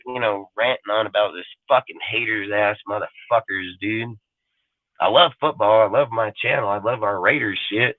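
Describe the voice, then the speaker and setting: A man's voice: medium pitch, dry recording. A man hosting a fan channel livestream, ranting aggressively with heavy swearing and swagger. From California. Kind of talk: profane livestream rant. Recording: tinny phone-like sound.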